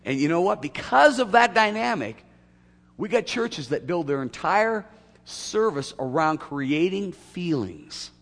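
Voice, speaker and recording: A man preaching a sermon to his church, swinging from loud emphatic peaks to quiet asides. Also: high voice, animated, measured pace. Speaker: pastor. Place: church sanctuary. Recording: long hall reverb.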